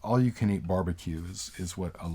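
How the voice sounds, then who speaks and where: A middle-aged man from the United States in a casual educational chat, explaining English usage in a relaxed, halting way with many fillers and restarts. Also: low-pitched, slightly rough. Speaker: co-host, English teacher.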